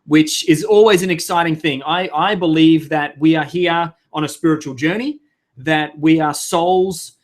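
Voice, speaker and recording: A man's voice: on the high side, normal speed. A man hosting a live webinar, chatty and flustered, swearing and laughing at himself over tech trouble. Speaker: webinar host. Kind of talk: casual live webinar talk.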